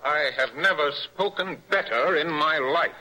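An actor playing an earnest, stubborn parson in a radio play, speaking in a forceful, indignant way. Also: male voice, on the high side, unhurried, background noise, close to an everyday voice. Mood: guarded. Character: earnest, stubborn middle-aged male parson. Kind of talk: radio stage-play acting.

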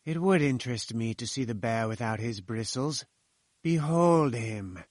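A man reading a sly, nervous male inventor with a smooth, wheedling manner. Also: medium pitch, lively intonation, a little slow, no room sound, voice pushed down, lightly acted.

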